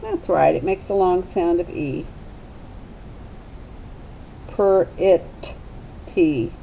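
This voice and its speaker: A woman teacher giving a phonics lesson to young children, sounding out letters slowly and deliberately. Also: very animated, creaky. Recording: slightly dull recording with faint rumble.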